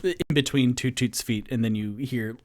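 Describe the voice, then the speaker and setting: Young guy running a solo tabletop game, excitable, rambly, giggly. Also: medium pitch, moderate pace. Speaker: game master and solo player.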